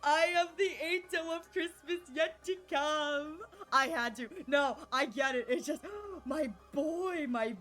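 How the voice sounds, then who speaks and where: Woman, high voice, giddy gameplay commentary, gushing, faint music behind. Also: fairly bright tone. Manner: giddy, gushing, fast reactions and gasps. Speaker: streamer.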